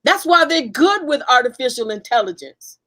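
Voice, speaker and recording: High-voiced fervent woman speaking emphatically. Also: big pitch swings, moderate pace, pushed and bright. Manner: emphatic, fervent, with frequent restarts. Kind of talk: impassioned conversation.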